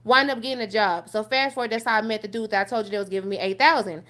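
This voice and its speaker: A young woman, telling her own life story on a talk show, blunt and profane, often repeating "so fast forward". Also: medium pitch, a bit bright. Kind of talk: candid personal storytelling on a call-in show.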